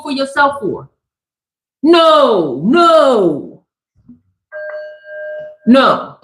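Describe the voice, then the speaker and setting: A woman's voice: on the high side, expressive, a little slow. Slangy, preachy woman tarot reader, echoey room. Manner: loud, slangy, preachy and joking. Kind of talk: live tarot reading. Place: Southern California.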